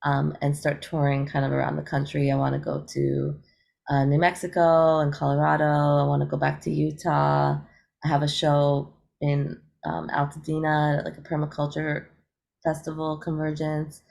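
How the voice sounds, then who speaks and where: Woman, low pitch, gravelly fry, chatty interview guest, upbeat. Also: monotone, normal speed, darkish tone. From United States. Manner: chatty, upbeat, laughs often, many fillers. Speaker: guest, eco-rapper. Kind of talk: casual interview chat.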